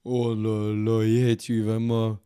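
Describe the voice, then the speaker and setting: A man's voice: lowish voice, monotone, normal speed, mellow, clear, resonant tone, natural voice. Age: adult. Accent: put-on French. Figure: a man doing a pompous French investor. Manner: haughty, bossy, haggling over a deal.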